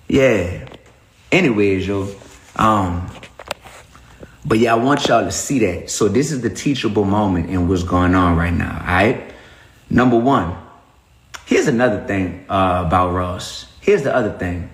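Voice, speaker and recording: Guy ranting on a livestream, kinda low voice, echoey room, preachy and animated. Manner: animated, preachy, greets viewers by name. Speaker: livestream host. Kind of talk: casual livestream talk.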